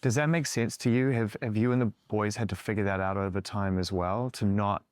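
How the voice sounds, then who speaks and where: A man's voice: fairly low pitch, steady tone, brisk, dry recording. A man interviewing a singer, asking long, earnest questions in a rambling way with filler words.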